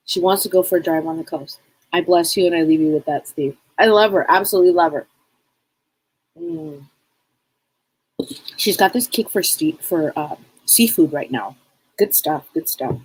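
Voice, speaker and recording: A woman's voice: on the low side, husky, poor audio. A woman hosting a live psychic stream, chatting casually and rambling, greeting viewers by name.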